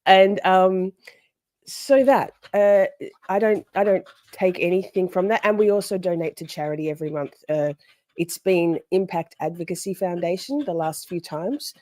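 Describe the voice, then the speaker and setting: A woman's voice: on the low side, normal speed, a little mellow, dry recording. A woman hosting a casual livestream, rambling chattily and greeting viewers by name. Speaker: livestream host.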